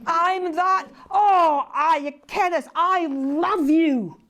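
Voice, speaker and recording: A woman voicing her elderly Scottish father, speaking slowly and affectionately. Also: extremely high pitch, a bit bright, pitched above the performer's own voice, full character voice. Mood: tender. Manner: slow, drawn-out and affectionate.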